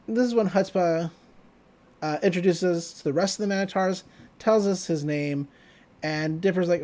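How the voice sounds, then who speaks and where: A woman's voice: on the low side, normal speed, long pauses. A woman hosting a podcast, casually recapping a cartoon episode with laughs and acted-out lines. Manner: animated, laughing, acting out quoted lines. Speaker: podcast host.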